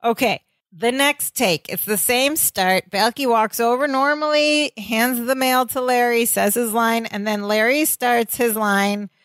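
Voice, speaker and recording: A woman's voice: on the high side, a little slow, hardly any pauses, a bit bright, no echo. A woman co-hosting a podcast, casually recounting a sitcom scene step by step and quoting the characters' dialogue. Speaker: podcast co-host. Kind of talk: casual recap chat.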